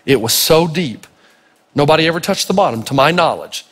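Male pastor, high husky voice, lively storytelling sermon, long hall reverb. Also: a little fast. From Tennessee. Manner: animated, acts out voices in stories.

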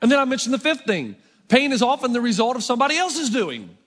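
A man's voice: very high voice, sing-song, quick pace, a bit bright. A middle-aged man preaching a sermon as pastor, talking conversationally with self-mocking humor. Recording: long hall reverb.

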